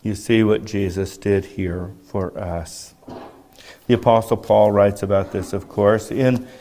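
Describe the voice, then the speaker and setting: Slow, measured male preacher. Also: fairly low pitch, steady tone, warm tone, slight background noise. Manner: measured teaching tone with rhetorical questions. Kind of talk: sermon.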